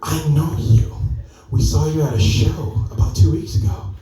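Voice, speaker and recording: A woman's voice: sits low, moderate pace, recorded from a distance, a loud crowd, voice pushed up, lightly acted. A man voicing a glamorous, well-off young woman, eager and friendly, in an echoey club room.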